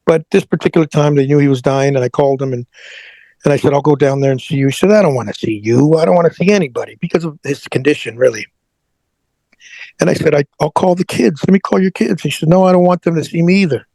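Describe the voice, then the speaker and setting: A man's voice: on the high side, quick pace, gravelly, warm tone, no echo. A man who is a guest on an interview show, telling a personal story earnestly and often repeating his words.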